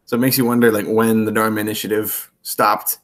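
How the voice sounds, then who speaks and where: A man's voice: lowish voice, level tone, fairly quick, a bit bright. A man as a guest in a casual TV recap chat, laid-back with dry humor. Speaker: guest co-host.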